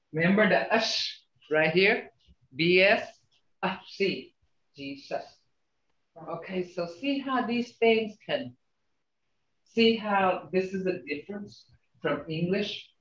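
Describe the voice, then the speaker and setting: A man teaching a language class over a video call, slowly repeating words to show how tone changes meaning. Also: on the high side, fairly bright tone. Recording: roomy, dull video call audio.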